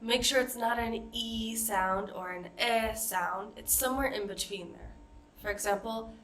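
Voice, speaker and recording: A woman's voice: on the high side, measured pace, a bit bright. A woman coaching pronunciation, patiently modeling vowel sounds and example words one at a time. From United States. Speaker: accent coach. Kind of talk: pronunciation lesson.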